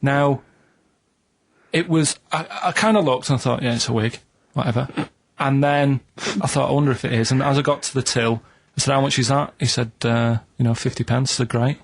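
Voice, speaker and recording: A middle-aged man recounting everyday stories on a radio show in an even, mid-pitched voice. His delivery is deadpan and matter-of-fact, punctuated by a habitual "right?". He sounds earnest and unbothered. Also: fairly quick. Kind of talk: storytelling in radio comedy chat.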